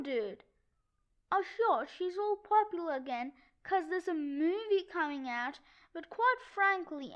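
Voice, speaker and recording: A brash, boastful sixth-grade boy brags his way through a children's storybook, as a woman reads him aloud. The voice sits very high and moves at a slow, deliberate pace. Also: dull audio, heavily acted. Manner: cocky, excitable. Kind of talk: children's book read-aloud.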